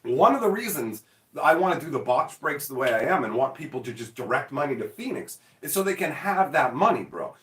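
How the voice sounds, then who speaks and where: Host, male, animated storyteller with a swinging pitch, heard off-mic in a roomy space. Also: fairly quick, far from the mic. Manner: animated storyteller, acts out mock dialogue, swears freely. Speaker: show host. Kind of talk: casual chat.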